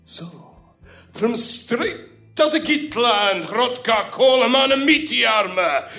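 A man performing a boisterous story beast who retells an epic live in broken English, swearing and shouting sound effects. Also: very high voice, lively intonation, slow pace, creaky, faint music behind, full character voice. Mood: rowdy. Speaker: comedy performer.

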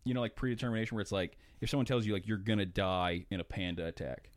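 A man's voice: lowish voice, fairly even intonation, quick pace. A young man, a stand-up comedian, chatting casually on a podcast in a rambling way, full of "like" and swearing. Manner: rambling, heavy use of "like", profane. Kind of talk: casual chat.

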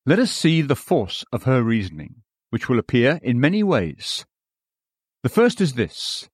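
A man's voice: medium pitch, big pitch swings, slightly rough, no room sound. Man reading a formal sermon, dry sound. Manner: measured, formal old-fashioned preaching diction. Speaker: preacher. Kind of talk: read sermon.

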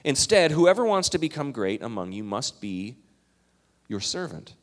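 A male pastor from Minnesota and Canada delivers a sermon with a lively, wide-ranging pitch. He talks to the congregation conversationally, punching some phrases loudly and dropping others to a murmur. His voice rings with a long reverb off a large hall. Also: normal speed. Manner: animated, conversational, swinging between loud emphasis and quiet asides.

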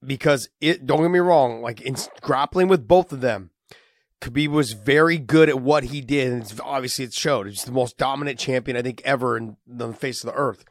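A man talks through fight matchups in a casual, emphatic ramble, his voice raspy from a cold. His pitch sits in a middling range. The sound is close and dry, with no room in it. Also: a little fast, dry recording. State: has a cold, raspy voice and coughing. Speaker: co-host, fighter analyst. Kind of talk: casual fight breakdown chat.

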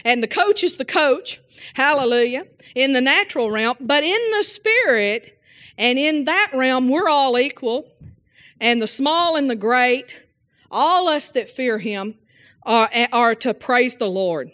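In a high, fairly bright voice, this woman preaches expressively and a little slowly, a Bible teacher giving a fervent sermon. Her phrasing is folksy and homespun, peppered with hallelujahs and amens, and she puts questions to listeners, naming them directly.

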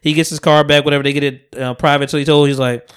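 Animated storytelling man, slightly high voice. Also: fast, smooth. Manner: animated storyteller, acts out quotes. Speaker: podcast host. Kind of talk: casual chat.

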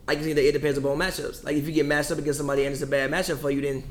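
A man's voice: a little high, flat delivery, racing. A man co-hosting a casual sports debate, insistent and repetitive, often restarting his sentences.

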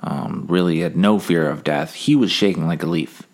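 A man's voice: low voice, normal speed. A man, hosting a podcast and rambling through a comic story with many fillers. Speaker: podcast host. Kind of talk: comedic storytelling monologue.

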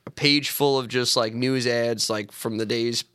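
Give me a bright, smooth-voiced tired male co-host. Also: medium pitch, fairly even intonation, unhurried, dry recording, clean studio sound. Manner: loose, rambling, self-mocking. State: worn out. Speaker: podcast co-host. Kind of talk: casual banter.

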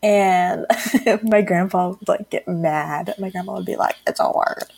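A woman's voice: fairly low pitch, unhurried, gravelly, a little mellow. Chatty woman from Texas, laughing. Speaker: podcast co-host. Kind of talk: casual chat.

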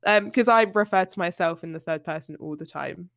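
A woman's voice: on the low side, fairly quick, a bit bright, dry recording, studio quality. A woman co-hosting a podcast, talking animatedly about a book and laughing often. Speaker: podcast co-host. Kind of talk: casual book discussion.

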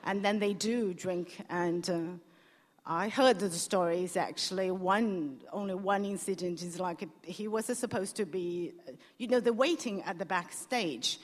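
A woman panelist explaining how a dating show works, talking in halting bursts with many restarts. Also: on the low side. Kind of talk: panel discussion. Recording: echoey hall on stage.

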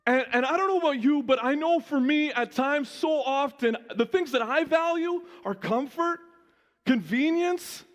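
A male pastor giving a lively, conversational sermon, often restarting his sentences. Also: very high voice, moderate pace, long reverb tail.

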